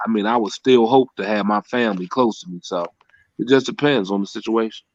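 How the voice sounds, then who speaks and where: Halting man on a dull, dry line. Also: on the low side, dry recording. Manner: halting and hedging, with restarts and "you know". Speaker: podcast guest. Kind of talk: casual chat.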